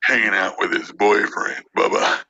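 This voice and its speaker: A man co-hosting a podcast, riffing crudely in a slow, deadpan way. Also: on the low side. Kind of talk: crude comedic banter. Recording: dull lo-fi mic with faint hiss.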